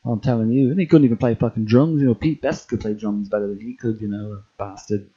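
A man voicing a crude, rambling male cartoon rock musician who swears constantly and fills every pause with filler words. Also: fairly low pitch, steady tone, warm tone, breathy edge, muffled recording. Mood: ranting. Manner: foul-mouthed, rambling, full of filler words. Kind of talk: cartoon parody voice acting.

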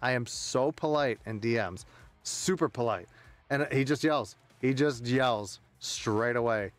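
A man's voice: medium pitch, a little slow. A man streaming a game, chatting casually with friends, rowdy, joking and swearing a lot. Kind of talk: casual live-stream chat.

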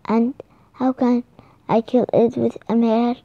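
A woman voicing a frightened but brave young girl in a children's storybook, reading haltingly with restarts. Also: a little high, level tone, gravelly, dry recording. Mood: anxious. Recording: slightly dull lo-fi recording.

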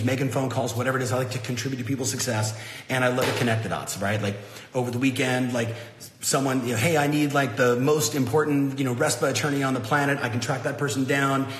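A middle-aged man, the host, telling a motivational story in a casual, animated way, full of fillers like "like" and "you know". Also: mid-range voice, fairly quick. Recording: roomy echo with long reverb, faint ambience.

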